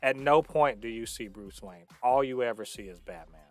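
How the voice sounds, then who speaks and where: A man's voice: mid-range voice, normal speed. A man co-hosting a casual movie review podcast, explaining emphatically with frequent restarts. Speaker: podcast co-host.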